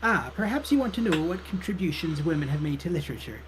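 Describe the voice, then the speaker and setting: A prim old lady librarian from a text adventure, speaking in a lively, slightly raised voice, voiced by a man reading the game aloud. A faint hiss of noise sits under the voice. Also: a little high, quick pace. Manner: reads game text aloud, lightly putting on a voice. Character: prim older female librarian in a fair-era text game.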